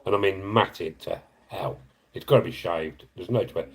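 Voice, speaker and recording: A man talks on a live stream in a fairly low voice. He is earnest and emotional, rambling a little and apologising as he goes, and he breaks off to thank viewers by name in casual chat. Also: normal speed, rough recording. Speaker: live streamer appealing for donations.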